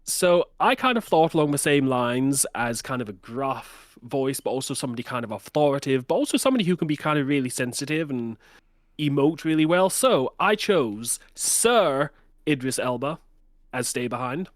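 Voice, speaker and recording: Casting note: male book club member, casual and animated, dry close sound, mid pitch. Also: a little fast, dry recording. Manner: animated, breaks into voices for examples. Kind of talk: casual chat.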